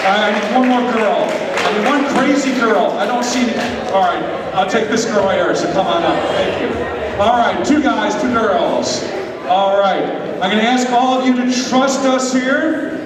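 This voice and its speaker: High-voiced man preaching in echoey hall. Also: normal speed. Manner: energetic, joking, directing volunteers. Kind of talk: preaching and leading a skit. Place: large hall with an audience. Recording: echoey hall from far off, noisy.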